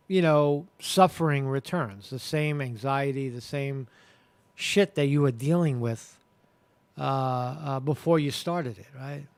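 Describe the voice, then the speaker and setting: A man's voice: on the high side, darkish tone, dry recording. A man hosting a live show, talking in a rambling casual monologue that repeats words and swears now and then.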